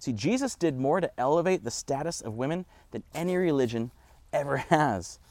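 A man giving a casual, conversational Bible teaching with animated asides. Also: on the high side, normal speed, dry recording.

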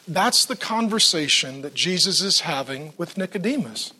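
A man's voice: fairly high pitch, lively intonation, moderate pace, few pauses, bright, forceful tone, slightly rough. A man preaching a sermon as pastor in a church, telling stories with playful acted-out quotes.

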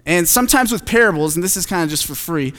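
A man preaching a sermon in a relaxed, conversational way, with self-deprecating asides and frequent fillers. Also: high voice, fast. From Phoenix, United States. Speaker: pastor. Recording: long hall reverb.

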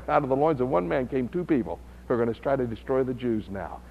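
A man teaching a Bible study lesson, who builds to loud, high-pitched emphasis. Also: lively intonation, brisk, creaky, muffled recording.

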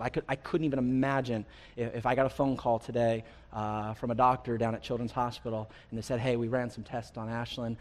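A man preaching a sermon as pastor, earnest and building intensity through repeated phrases, in a church. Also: mid-range voice. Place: church sanctuary. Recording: long hall reverb.

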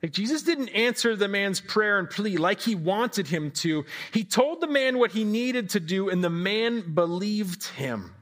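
Reflective high-voiced man preaching. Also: a bit bright. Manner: reflective, conversational, with frequent "like" and rhetorical questions. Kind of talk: devotional sermon.

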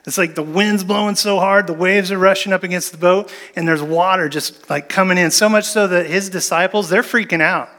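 A man preaching a sermon as a pastor, telling a Bible story with animated, acted-out lines. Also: sits high, brisk, few pauses.

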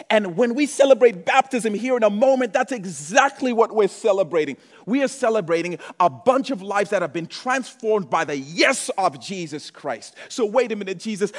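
Man, pastor preaching a sermon, high voice, emphatic then hushed, long reverb of a church hall.

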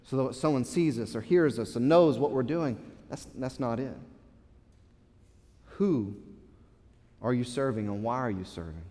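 A man's voice: mid-range voice, measured pace, long pauses, dark tone, in a large hall. A man preaching a sermon as pastor, passionate, stressing key words and often repeating himself. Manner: impassioned preaching with swells of emphasis and repeated words.

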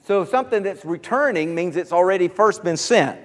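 A man's voice: high voice, lively intonation, fairly quick. A man preaching a sermon as pastor, emphatic and repetitive, rising into fervent calls to his congregation. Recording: hall reverb.

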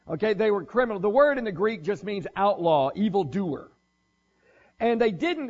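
Male preacher, husky tone, relaxed conversational sermon with dry humor, muffled recording. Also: high-pitched. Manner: casual, joking, thinks aloud with restarts.

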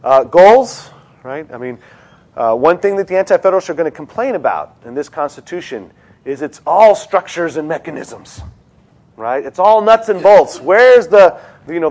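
A middle-aged man teaching a seminar in a classroom, animated and joking, with many fillers and restarts. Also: on the high side. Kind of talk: classroom lecture and discussion.

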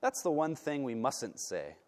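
A man preaching a sermon as pastor, emphatic and repeating words for stress, then praying in a soft, slow voice. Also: mid-range voice, sing-song.

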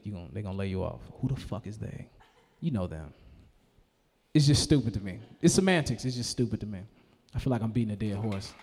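A man doing a stand-up comedy set, profane and animated, now and then shouting in character voices. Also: medium pitch, in a large hall. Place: live comedy venue.

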